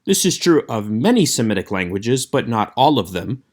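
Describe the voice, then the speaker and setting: A man teaching an online Hebrew class, explaining letters in a clear, measured way and slowing down to demonstrate sounds. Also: medium pitch, big pitch swings. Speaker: Hebrew instructor. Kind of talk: recorded online lecture.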